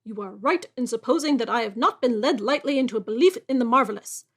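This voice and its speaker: A woman reads aloud as a grave old soldier, gruff and haunted, his lines given in a high, bright register in a plain storybook reading. He is steady and unhurried, with little put-on voice. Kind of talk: audiobook reading.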